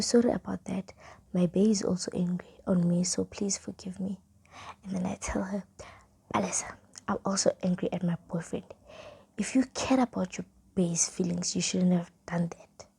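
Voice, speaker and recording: Young woman, South African accent, casual storytime vlog, soft half-whispered reading, dark mellow tone, low pitch. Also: creaky, breathy edge. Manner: reads old chat messages aloud with punctuation, soft half-whispered delivery. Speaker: vlogger.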